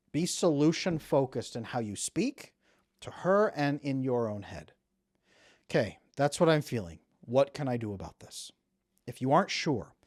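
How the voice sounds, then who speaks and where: A relationship coach delivers advice in an emphatic, driving way, firing off rhetorical questions at the listener. His pitch swings widely from line to line, which keeps the talk lively. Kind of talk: direct-to-camera advice talk.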